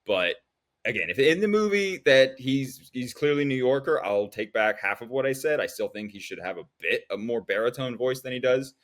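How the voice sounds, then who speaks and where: A man's voice: medium pitch, expressive, normal speed, a bit bright. A man hosting a podcast chat, ranting heatedly about a film's casting. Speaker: podcast host. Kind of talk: casual chat.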